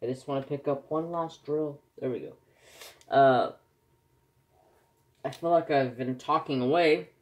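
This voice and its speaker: A man's voice: mid-range voice, a little slow, pauses often. A man chatting casually in his craft vlog, telling anecdotes animatedly. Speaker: craft vlogger. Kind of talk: casual chat while crafting.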